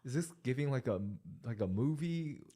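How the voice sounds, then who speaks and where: A woman's voice: extremely low pitch, lively intonation, moderate pace, warm tone. A woman co-host in a casual chat who keeps asking puzzled questions.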